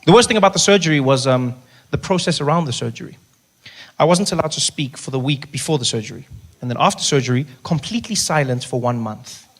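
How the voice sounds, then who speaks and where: A South African man doing stand-up comedy, telling an animated story that swings between loud bits and hushed talk. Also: mid-range voice, quick pace. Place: comedy club stage.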